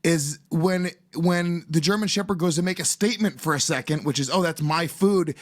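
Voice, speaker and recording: A man's voice: fairly high pitch, fairly quick, dry recording, studio quality. A man co-hosting a casual chat, teasing and joking with frequent swearing. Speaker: podcast co-host.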